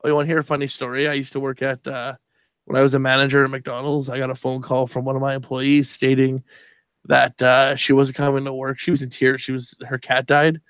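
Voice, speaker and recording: A man co-hosting a casual live gaming show, telling stories and cracking deadpan jokes. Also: mid-range voice, brisk, clean tone, no room sound, clean studio sound. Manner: deadpan joking storyteller. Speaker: podcast co-host.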